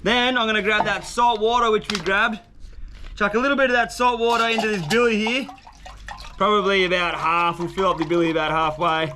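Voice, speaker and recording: A man's voice: sits high, fairly even intonation, a little fast. A young Australian man chatting casually to camera in laid-back slang by a windy roadside. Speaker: outdoor vlogger. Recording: outdoor wind and passing traffic noise.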